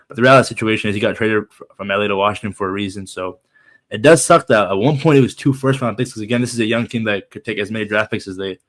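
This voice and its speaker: Man, sports podcast co-host, low-ish and fast, rambling analysis. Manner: rambling, hedging with fillers.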